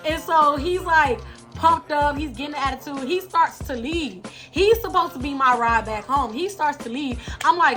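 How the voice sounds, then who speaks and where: A young adult woman telling a storytime vlog in an animated, slangy way, talking straight to her viewers. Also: sits high, moderate pace, soft background music. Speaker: vlogger.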